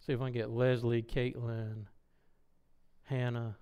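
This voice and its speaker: A man's voice: medium pitch, flat delivery, measured pace, warm tone, smooth, muffled recording. A man preaching a sermon, asking the congregation rhetorical questions and acting out sounds. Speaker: pastor.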